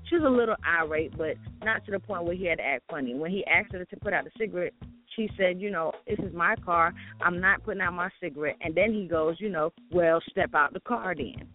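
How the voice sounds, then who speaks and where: A woman's voice: lowish voice, fast. A woman co-host giving a chatty news update, with lots of hesitant ums. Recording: tinny phone-like sound with faint music.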